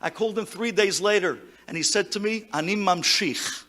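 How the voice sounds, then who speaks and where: A man, a rabbi, giving an impassioned eulogy to a gathering, mixing Hebrew words into his English and swinging between loud exclamations and hushed tones. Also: high-pitched, a little fast. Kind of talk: memorial speech to a gathering.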